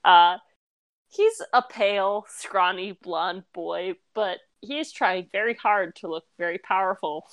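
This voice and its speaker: A woman running a tabletop game as game master, narrating in a lively, chatty way. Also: medium pitch, unhurried, no room sound. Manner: lively, chatty, with laughs and fillers.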